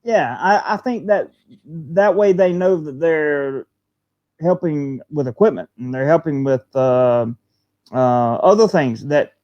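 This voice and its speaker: A man chats on a live stream in a laid-back, agreeable way, leaning on fillers as he goes. His voice sits a little high, and the sound is dry and close. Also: slow pace, dry recording, dull audio. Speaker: channel host. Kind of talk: casual live-stream chat. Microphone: laptop setup on a video stream.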